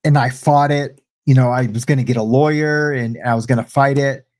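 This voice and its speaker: A man telling his life story in a relaxed interview, often restarting sentences and filling pauses. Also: medium pitch. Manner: halting, restarts often, frequent fillers. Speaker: guest sharing testimony. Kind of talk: casual conversational storytelling.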